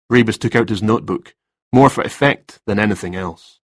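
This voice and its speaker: Low-voiced man narrating a story. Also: a little fast, dry recording, clean studio sound.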